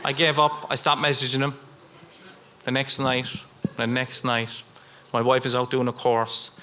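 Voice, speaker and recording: A middle-aged Irish man performing stand-up comedy, telling a story with swings from low mutters to high outbursts. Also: pushed and bright, a little hiss or hum. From Ireland. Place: live stage.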